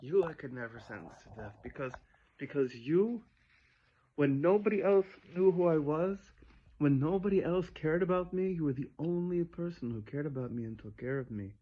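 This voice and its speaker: A man voicing a warm, loving king in a parable, speaking tenderly and earnestly, on a dull lo-fi recording. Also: medium pitch, animated, brisk, husky. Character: warm, loving old-world male king.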